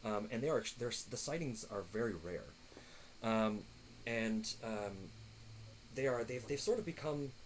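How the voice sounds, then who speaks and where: A man's voice: medium pitch, animated, measured pace, a little hiss or hum, low-quality recording. A man running a tabletop game on a livestream, narrating with frequent fillers and restarts. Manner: rambling, lots of fillers and restarts. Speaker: game master.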